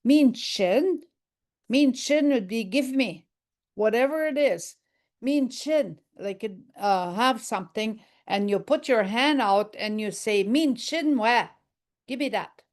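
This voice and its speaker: An older woman leads a language class, speaking very slowly and with patience. She says each phrase several times so learners can follow. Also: a little high, lively intonation, a little mellow. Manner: slow, patient, repeats phrases aloud. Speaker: language teacher. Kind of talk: language lesson.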